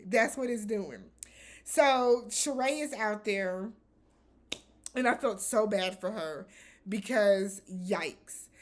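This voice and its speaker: A woman hosting a casual reality TV recap, talking in a blunt, animated way with some swearing. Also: mid-range voice.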